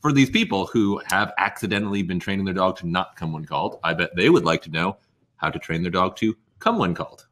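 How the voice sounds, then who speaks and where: Young male moderator, lowish voice with a bright edge, brisk. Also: lively intonation. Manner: brisk, nudges the talk along and reads the chat. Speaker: co-host and moderator. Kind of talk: live web class moderation.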